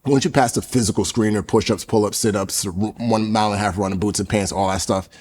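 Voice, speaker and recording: A man's voice: on the low side, steady tone, fast talker, darkish tone, a little hiss or hum. A man, a podcast guest who went through military training, telling earnest stories casually with many fillers. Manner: earnest, filler-heavy storytelling. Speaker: podcast guest, former Navy SEAL trainee. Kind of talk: casual storytelling.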